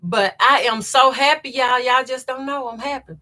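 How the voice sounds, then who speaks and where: A quilting channel host with a Southern accent runs a live sewing stream, greeting viewers by name, reading their comments aloud and saying y'all a lot. Her voice is high, pushed and bright, at normal speed.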